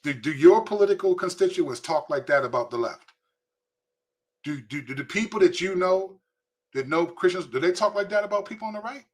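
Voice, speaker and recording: Husky-voiced pastor preaching emphatically. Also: male voice, high voice, lively intonation, a little fast. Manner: emphatic, repeats words when pressing a point. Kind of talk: preaching to camera.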